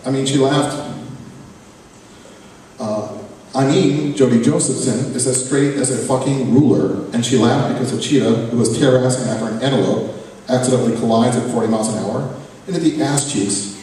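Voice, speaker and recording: A man's voice: medium pitch, moderate pace, dark tone, slight background noise. Man reading sardonic, profane fiction in a hall. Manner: profane, sardonic first-person narration. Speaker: author reading his fiction. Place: reading event venue, hall. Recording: echoey hall from far off, faint ambience.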